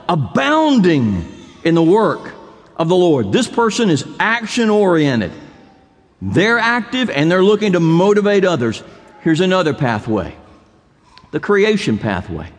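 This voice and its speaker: Male pastor, high lively voice, sermon with long church reverb. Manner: animated preaching, rising to emphatic repetition. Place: church sanctuary.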